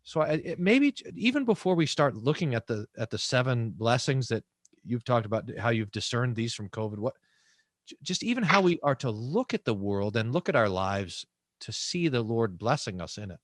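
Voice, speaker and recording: Animated man hosting a video interview. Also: mid-range voice, no room sound, clean studio sound. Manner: enthusiastic, halting with many restarts. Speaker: pastor and host. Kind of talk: long-form interview chat.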